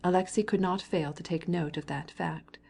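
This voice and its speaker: A woman reading a classic novel aloud as an audiobook narrator, measured and steady. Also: on the low side, creaky, slightly rough. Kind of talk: scripted narration.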